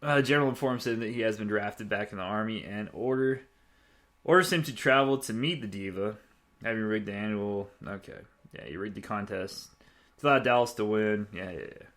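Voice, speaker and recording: A young man hosting a podcast, giving a rambling, excitable movie review and laughing often. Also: fairly low pitch, brisk. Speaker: podcast host.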